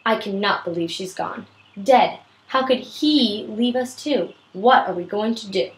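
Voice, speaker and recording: A woman's voice: mid-range voice, measured pace, echoey room, lightly acted. A woman with a sore throat reading aloud as a despairing teenage boy in a reader's theater.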